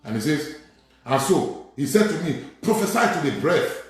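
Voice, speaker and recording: A man preaching a sermon as a priest, repeating phrases and building to sudden shouted emphasis. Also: a little high, big pitch swings, normal speed. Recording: very echoey room with faint music.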